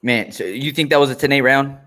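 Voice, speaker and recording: A man co-hosting a casual podcast about fights, measured and asking follow-up questions. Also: medium pitch, sharp tone. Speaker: podcast co-host.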